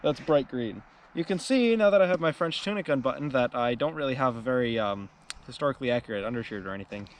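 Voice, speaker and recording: Male guest, mid-pitched, easygoing and self-mocking, outdoor setting. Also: fast talker, slight background noise. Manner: relaxed, rambling, self-deprecating. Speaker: fellow reenactor, guest. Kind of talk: casual chat to camera. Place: outdoors in a dug trench.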